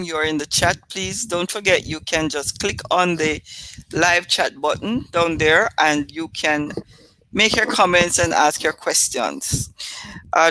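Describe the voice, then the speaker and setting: A woman's voice: on the low side, a bit bright, low-quality recording. A middle-aged woman with a Jamaican accent hosting a live stream, chatty and laughing at her own stories. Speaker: host. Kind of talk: casual live-stream storytelling.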